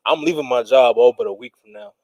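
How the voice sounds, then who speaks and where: A man co-hosting a podcast, telling a story in a relaxed, wry way and laughing at his own tale. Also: mid-range voice, fast talker, vocal fry, no echo, rough recording. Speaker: podcast co-host. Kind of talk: casual storytelling chat. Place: small studio room.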